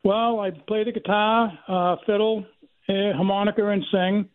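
A man's voice: sits high, little pitch movement, moderate pace. A man calling in to a radio show, talking hesitantly with many fillers. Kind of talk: phone call to a radio show. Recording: tinny phone line.

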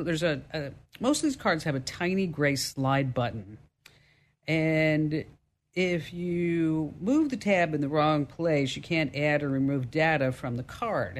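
Chatty New Jersey radio host woman. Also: sits low. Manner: chatty, animated, jokey. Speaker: radio tech show host. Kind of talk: call-in radio chat.

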